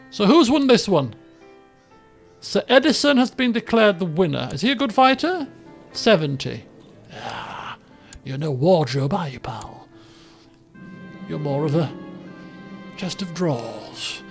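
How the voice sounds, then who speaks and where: A man with a high, gravelly voice gives casual gameplay commentary over faint game music. He rambles with plenty of fillers and breaks into excited outbursts. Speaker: let's play gamer.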